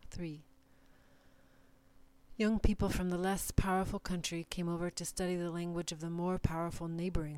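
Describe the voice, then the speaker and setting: A woman giving a measured, deliberate reading of short numbered literary passages. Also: lowish voice. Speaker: reader.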